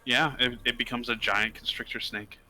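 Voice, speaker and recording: A man's voice: mid-range voice, fairly even intonation, normal speed, sharp tone, faint music behind, poor audio. A man playing a tabletop game, casually explaining how things work to the table. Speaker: player.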